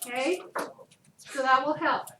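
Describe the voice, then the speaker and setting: A woman teaching chemistry speaks in a high-pitched, unhurried voice, chatting with the class in a lively way and asking them questions. The sound is distant and noisy, with echo from the room.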